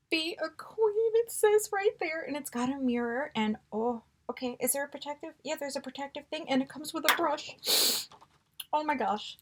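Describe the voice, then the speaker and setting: A woman vlogger chatting casually through a beauty box unboxing, gushing and excitable with frequent gasps. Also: high-pitched, moderate pace, a little hiss or hum. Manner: gushing and excitable, gasping often.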